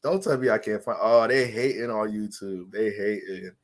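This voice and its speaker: A man's voice: fairly low pitch, normal speed. A man hosting a casual astrology livestream, loose and profane, joking and talking straight to his viewers.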